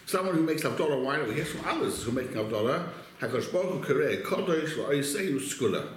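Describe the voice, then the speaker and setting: Man teaching a torah class, halting talk, hebrew terms, very echoey room, faint background noise. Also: on the high side, lively intonation. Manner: conversational, halting, full of restarts and Hebrew terms.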